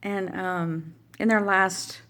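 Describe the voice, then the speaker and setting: A woman's voice: medium pitch, steady tone, takes it slowly, a bit bright. A middle-aged woman telling a heartfelt personal story in a vlog, rambling and emotional, with many fillers and restarts. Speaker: vlogger.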